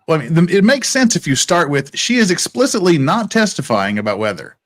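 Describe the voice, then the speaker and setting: A man's voice: a little high, fairly quick. A man hosting a casual livestream about a trial, talking wryly and thinking aloud. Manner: lively, wry, thinking aloud. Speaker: show host. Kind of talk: casual livestream legal commentary.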